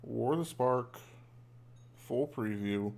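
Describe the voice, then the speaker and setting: A man giving casual commentary while playing a card game, thinking aloud with a hesitant, halting manner and frequent ums. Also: mid-range voice, vocal fry, a little mellow, slight background noise. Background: background music.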